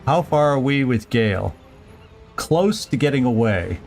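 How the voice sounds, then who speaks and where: A man's voice: medium pitch, animated, a little slow, creaky, darkish tone, soft background music. A man casually commenting on his gameplay during a live stream, thinking aloud with playful, goofy asides. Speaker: video game streamer.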